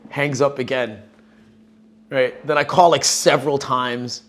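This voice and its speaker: A man's voice: mid-range voice, fairly even intonation, a little slow, a bit bright. Male musician guest, casual and rambling, profane, mid-range voice. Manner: rambling, loose and profane, lots of fillers. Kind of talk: casual interview storytelling.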